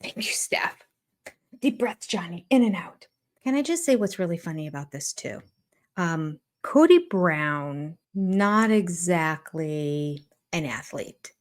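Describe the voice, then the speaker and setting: A woman's voice: fairly low pitch, expressive, a little slow. An older woman giving sarcastic, amused reaction commentary on a reality show, often laughing. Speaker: YouTube commentator.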